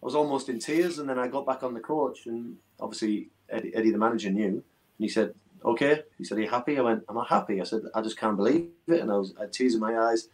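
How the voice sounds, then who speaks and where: A man's voice: medium pitch, quick pace, low-quality recording. A middle-aged man, a former footballer telling earnest, emotional stories in a casual interview. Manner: earnest, emotional, rambling storytelling.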